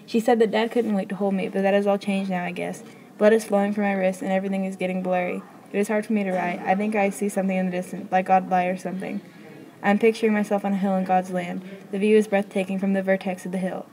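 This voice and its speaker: A woman reads a story aloud at a brisk clip, her voice sitting at an ordinary middle pitch. She keeps a plain, unadorned delivery and trips over a word here and there. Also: flat delivery, mellow, a little hiss or hum, poor audio. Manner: quick, plain reading with small stumbles.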